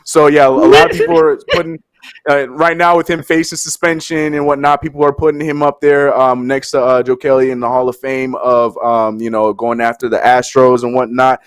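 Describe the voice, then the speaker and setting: A man co-hosting a live sports show, chatting casually and animatedly and mimicking people in high voices. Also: level tone, brisk, clean tone, no echo, clean studio sound.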